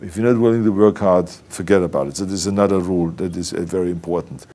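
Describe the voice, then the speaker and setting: A man's voice: deep voice, fast, noisy background. Emphatic German-accented man. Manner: emphatic, heavily accented, sometimes restarting words. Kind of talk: motivational speech and interview.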